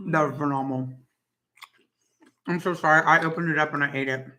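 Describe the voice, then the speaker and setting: A woman's voice: low-pitched, fairly even intonation, a little fast, pushed and bright, poor audio. A woman hosting a casual home vlog, chatting while she taste-tests snacks and exclaims over the food. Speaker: vlog host.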